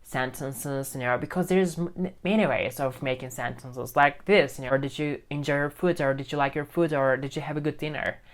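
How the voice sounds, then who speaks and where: Speaking fairly quickly and hardly pausing, this English-learning vlogger has a medium-pitched voice. English is his second language, and he chats earnestly to his phone camera, circling back to his points and using plenty of fillers.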